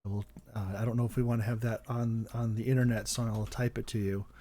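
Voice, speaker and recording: A man on a casual podcast, reading a character backstory aloud in a relaxed way, with hesitant restarts and frequent throat clearing. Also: on the low side, quick pace, dry recording.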